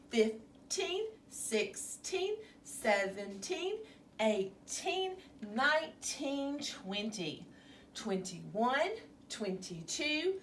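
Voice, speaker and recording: A woman teaching young children by video, speaking in a slow, sing-song, encouraging way. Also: a little high, pushed and bright. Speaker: preschool teacher. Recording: distant mic with faint room noise.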